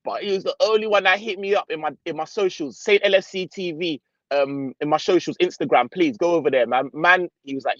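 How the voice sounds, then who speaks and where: A young man hosts a relaxed live football stream, chatting in slang and reading viewer comments aloud. His voice sits a little high. The sound is dry and slightly muffled, like a lo-fi home mic. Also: brisk, no room sound. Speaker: football channel host. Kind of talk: casual live stream chat.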